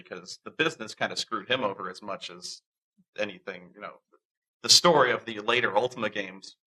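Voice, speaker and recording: An interviewee tells a story in a casual, animated way, voicing the people he quotes. His voice is very bright though on the low side, he often restarts his sentences, and the recording is rough.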